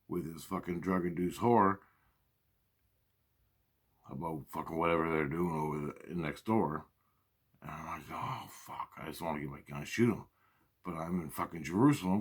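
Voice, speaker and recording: A man telling a long, rambling monologue to camera, swearing heavily and repeating and restarting his phrases. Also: low voice. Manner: profane, repetitive, restarts often. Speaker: vlogger.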